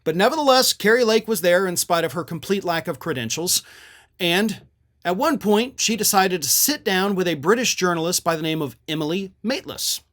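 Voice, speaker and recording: A man with a high voice hosts a political commentary show. He talks in an indignant, sarcastic way and quotes his opponents at length before picking them apart. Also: animated, moderate pace, fairly bright tone.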